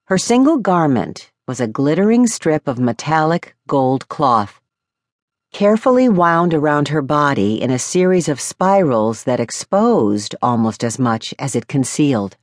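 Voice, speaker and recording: A woman narrating an audiobook with measured, expressive storytelling. Her pitch moves in a lively way, and the close studio sound is very dry. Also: no echo. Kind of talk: scripted narration.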